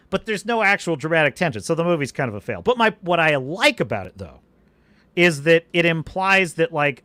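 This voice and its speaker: A podcast host with a high-pitched voice, heard on a dry recording, runs a live stream and answers viewers' questions. He's animated and rambling, often restarting his sentences.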